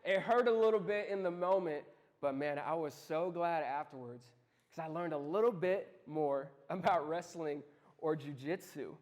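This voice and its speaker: A young man giving a casual youth sermon, telling lively stories and asking his listeners direct questions. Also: fairly high pitch, normal speed. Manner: lively storytelling, talks straight to the listeners. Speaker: youth ministry speaker.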